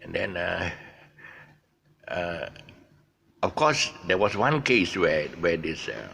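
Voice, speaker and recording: An older man rambles through anecdotes, pausing often to hesitate. His voice is very low and gravelly but bright, and his pitch swings widely. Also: very animated, slight background noise. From Malaysia. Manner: hesitant, full of fillers, chuckling. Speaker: vlogger. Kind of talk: casual storytelling monologue.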